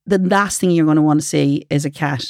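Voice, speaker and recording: A woman's voice: low voice, fairly quick, a little mellow, no room sound, clean studio sound. A middle-aged Irish woman co-hosting a podcast in casual, laughing chat. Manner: chatty, laughing, reads listener letters aloud. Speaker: podcast co-host.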